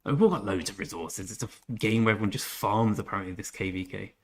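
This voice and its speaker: A chatty man hosts a gaming live stream, talking to his viewers in a relaxed, everyday way. He drifts between greeting people in chat and quietly thinking aloud. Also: lowish voice, fast, crowd noise. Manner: chatty, reads chat aloud, mutters to himself. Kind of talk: casual live-stream commentary.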